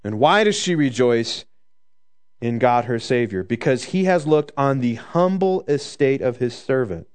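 A man preaching a conversational sermon, joking in asides and slowing down to stress the scripture. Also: medium pitch, lively intonation, clean tone.

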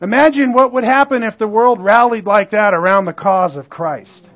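Heard through a dull lo-fi recording, a man preaches as pastor at a normal pace. His high, fairly bright voice keeps a conversational feel, and he calls out to the congregation often.

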